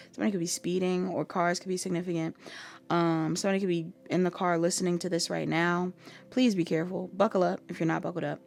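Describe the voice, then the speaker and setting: A woman's voice: fairly low pitch, gravelly. A sleepy woman giving a casual pick-a-card tarot reading, chatty and rambling, with frequent ums and little laughs. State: sleepy, staying up late.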